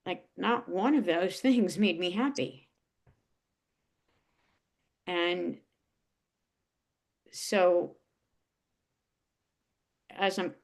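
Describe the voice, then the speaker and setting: A woman telling an emotional personal story in a casual, halting way, with many restarts and fillers. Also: fairly low pitch, vocal fry. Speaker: guest.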